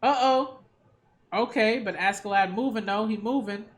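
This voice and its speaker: A man hosting a reaction video, commenting casually in an excitable, slangy way with frequent exclamations. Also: on the high side, moderate pace.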